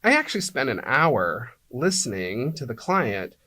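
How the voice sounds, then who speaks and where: A man's voice: mid-range voice, sing-song, unhurried, bright, forceful tone. A man being interviewed as an apartment locator, explaining things like a teacher and checking in with "right?" and "okay?" as he goes.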